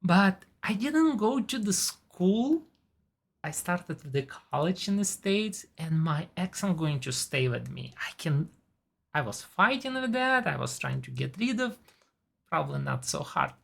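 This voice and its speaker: Low, gravelly woman with non-native English. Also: sing-song, measured pace. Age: 40s. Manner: chatty, enthusiastic about actors. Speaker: TV and movie reviewer. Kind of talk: casual chat.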